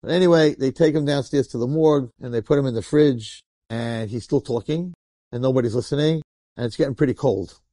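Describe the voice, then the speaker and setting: Brief: a rabbi spinning a story from the pulpit, chatty and animated, with a mellow, dry close sound. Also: male voice, mid-range voice, brisk, dry recording. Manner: animated, colloquial, acts out the characters. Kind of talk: storytelling sermon.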